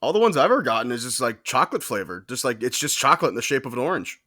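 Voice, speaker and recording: Bright, dry-voiced man. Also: mid-range voice, very fast, dry recording. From Canada. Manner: relaxed, joking, with restarts and swearing. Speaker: podcast co-host. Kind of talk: casual chat.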